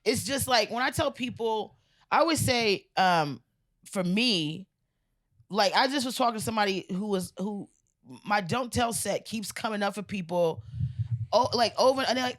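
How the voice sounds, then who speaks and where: A woman's voice: mid-range voice, moderate pace. A woman comedian with an American accent, telling a long joke on a podcast and acting out every voice. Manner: animated storyteller, acts out voices and monkey noises. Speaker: comedian guest.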